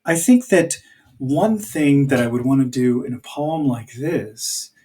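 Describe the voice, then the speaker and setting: Slow, thinking-aloud male teacher. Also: medium pitch, animated, warm tone, recorded from a distance. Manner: thinking aloud, searching for words; chants meter aloud. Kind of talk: recorded video lesson.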